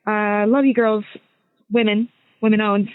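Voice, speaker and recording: A woman's voice: mid-range voice, little pitch movement, measured pace, no room sound. Twenty-something woman on a tinny phone message. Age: 20s. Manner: rambling, hesitant, self-interrupting. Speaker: listener caller sending a voice message. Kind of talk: casual recorded voice message. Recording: thin phone-line sound.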